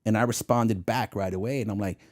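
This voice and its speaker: A man's voice: fairly low pitch, fairly quick. A man, a former federal agent, telling casual stories in an interview and acting out the voices in his anecdotes, often laughing at his own jokes. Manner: animated storyteller who acts out the voices in his anecdotes.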